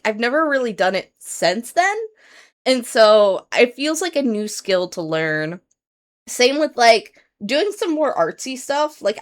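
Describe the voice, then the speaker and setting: A woman streamer chatting casually to her viewers, rambling with many fillers and restarts, earnest and candid. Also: mid-range voice.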